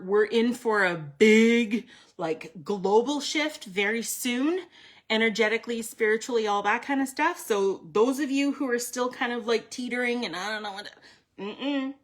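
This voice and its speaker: A tarot card reader gives a live reading, blunt and emphatic, swearing freely and chatting with viewers by name. Her voice is on the high side with a fairly bright tone.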